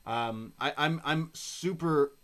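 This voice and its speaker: A man co-hosting a wrestling podcast, recapping the show in casual chat with animated, excitable storytelling. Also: on the high side, slow pace.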